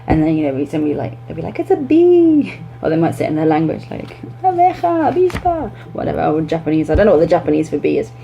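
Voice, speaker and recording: Mellow-voiced chatty woman teacher. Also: low voice, rapid-fire, gravelly, hardly any pauses, slight background noise, rough recording. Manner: chatty, with lively acted-out classroom demonstrations. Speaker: English teacher. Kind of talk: teaching tips to camera.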